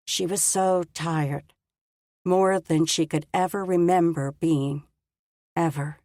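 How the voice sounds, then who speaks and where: A woman narrating a story in a calm, measured audiobook reading. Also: fairly low pitch, no room sound, clean studio sound. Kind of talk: scripted narration.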